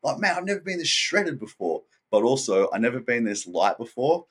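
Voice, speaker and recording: A man's voice: mid-range voice, very animated, a little fast, fairly bright tone, breathy edge. A man talking as a podcast guest in a candid, rambling way, swearing often and restarting his sentences. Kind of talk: candid casual conversation.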